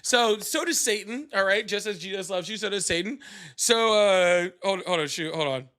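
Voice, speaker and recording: A man's voice: high-pitched, lively intonation, moderate pace, pushed and bright. A man hosting a live call-in stream, joking and laughing often, chatting casually with callers. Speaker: livestream host.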